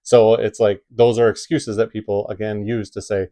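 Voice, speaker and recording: A man's voice: on the low side, level tone, a little fast, few pauses, warm tone. A man with a Midwestern accent giving casual advice to camera from home, rambling with many fillers and restarts. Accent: Midwestern American. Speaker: YouTube creator giving tips.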